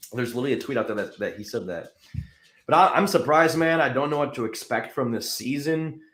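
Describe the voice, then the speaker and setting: A man's voice: medium pitch, expressive, normal speed, a bit bright. A man hosting a casual sports chat, rambling with lots of fillers and restarts. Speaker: podcast host. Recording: echoey room.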